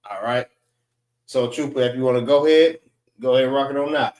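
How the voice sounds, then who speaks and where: A man teaching an alphabet class, drilling letter sounds slowly and repeating them for his students. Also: medium pitch, steady tone, a little mellow, reverberant. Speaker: class instructor.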